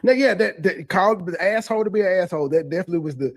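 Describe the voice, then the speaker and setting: A man's voice: high-pitched, rapid-fire, dry recording. A man hosting a casual reaction commentary, talking in looping, stammering restarts. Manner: repetitive stammering restarts, conversational. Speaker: commentary host reacting to a replayed clip.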